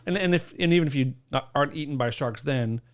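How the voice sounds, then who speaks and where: Man co-host, loose rambling chat, dark jokes, some swearing. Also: on the high side, quick pace, over a noisy crowd. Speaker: podcast co-host. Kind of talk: casual chat.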